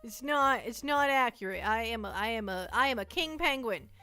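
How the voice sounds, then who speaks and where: A woman's voice: a little high, animated, normal speed, bright, forceful tone, clean tone, soft background music. A woman live streamer chatting casually in a playful, rambling, self-mocking way, jittery from too much caffeine, at home on a close mic. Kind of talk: casual chat to a live audience.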